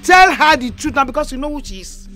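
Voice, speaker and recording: A woman's voice: sits high, expressive, quick pace, fairly bright tone, faint music behind. An actress with a Nigerian accent playing a scornful woman who mocks and taunts her rival. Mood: taunting. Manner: mocking, taunting.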